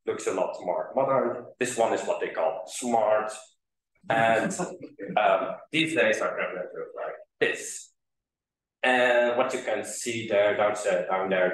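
Hoarse lower-voiced man presenting at a conference, casual, loose with fillers, echoey hall from far off. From Netherlands. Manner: casual, filler-heavy, self-deprecating. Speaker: conference speaker. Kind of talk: technical conference talk. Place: conference room.

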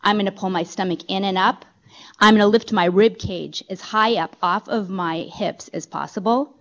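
A woman's voice: medium pitch, normal speed, fairly bright tone, muffled recording. A woman teaching yoga in a company talk room, giving upbeat step-by-step instructions into a handheld microphone.

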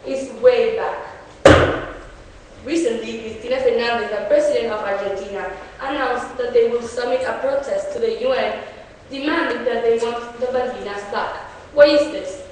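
A woman's voice: fairly high pitch, darkish tone. Young woman debating. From Chile. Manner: earnest, explanatory, with frequent uh and restarts. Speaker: student debater. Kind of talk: competitive debate speech. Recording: echoey hall, distant mic, faint hiss.

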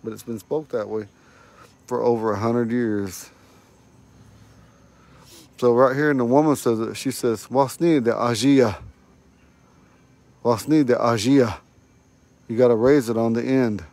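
Man slowly teaching words over a phone. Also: medium pitch, fairly even intonation, a little mellow, dry recording. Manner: slow, repeats words for learners. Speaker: language teacher. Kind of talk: casual online language lesson.

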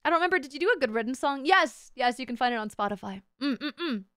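A young woman streamer talks to her chat with a high, bright voice and crisp, clean diction. She is excitable and playful and swears freely. The recording is dry and close-miked. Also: fast, dry recording. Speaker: VTuber streamer. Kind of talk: casual livestream chat.

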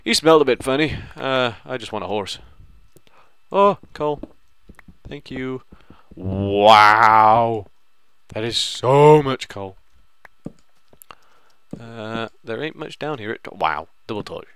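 A man's voice: medium pitch, animated, slow pace, pauses often, a bit bright, smooth, no echo. A young man giving playful, rambling let's-play commentary, often mocking himself. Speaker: gaming video host.

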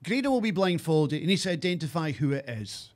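A man's voice: on the high side, very animated, brisk, darkish tone. A man with a Scottish accent hosting a podcast from a studio, teasing his co-host and reading sponsor plugs.

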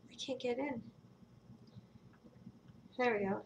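A woman's voice: on the high side, slow, slight background noise. A woman chatting casually while unboxing toys, rambling and thinking aloud as she goes. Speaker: co-host of a family toy review channel. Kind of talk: casual toy unboxing chat.

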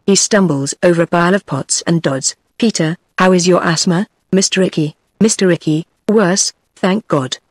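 A text-to-speech woman's voice with a British English accent, reading a play script aloud in an even, synthetic manner. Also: fairly low pitch, brisk, few pauses, husky, no room sound, clean studio sound. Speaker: audiobook reader.

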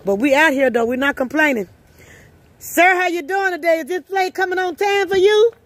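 A woman's voice: very high-pitched, normal speed, no echo. A woman with a Southern US accent hosting an outdoor holiday giveaway in the freezing cold, upbeat and preachy, laughing often. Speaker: host handing out holiday food. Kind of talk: casual charity vlog.

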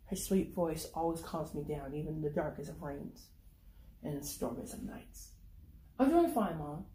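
A woman reading her own dark short story aloud in the first person, in a brooding, conversational way. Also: low-pitched, steady tone, moderate pace, a little hiss or hum. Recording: echoey room.

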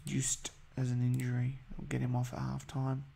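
A man's voice: mid-range voice, completely flat delivery, normal speed, vocal fry, mellow, a little hiss or hum. A man giving casual, hesitant commentary over a football management game, full of ums and uhs. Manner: chatty, hesitant, many ums. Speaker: gaming video host.

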